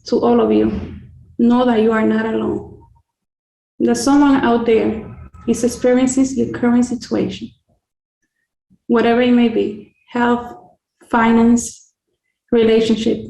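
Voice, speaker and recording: A woman sharing her own cancer story on a video call, earnest and deliberate in tone. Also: a little high, level tone, gravelly, mellow, echoey room, low-quality recording. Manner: earnest, slow and deliberate, list-like phrasing. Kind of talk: heartfelt personal testimony.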